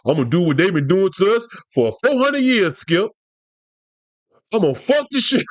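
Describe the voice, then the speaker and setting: A man's voice: high-pitched, sing-song, normal speed, dry recording. A man doing an impression of a boastful ex-athlete sports pundit who whines and drawls as he talks to his co-host. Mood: boasting.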